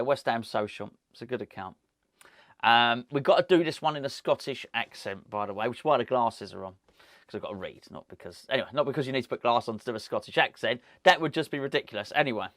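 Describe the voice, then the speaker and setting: A man's voice: medium pitch, fairly bright tone, no room sound, studio quality. A man hosting a football fan channel, talking casually to camera with wry, rambling asides.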